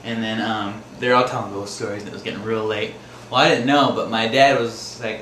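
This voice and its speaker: A man's voice: on the low side, steady tone, brisk, a bit bright. A man casually telling funny and scary stories from his life, rambling and laughing as he goes, acting out the screams. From Wisconsin, USA. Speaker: storyteller. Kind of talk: casual personal storytelling. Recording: echoey room with faint background noise.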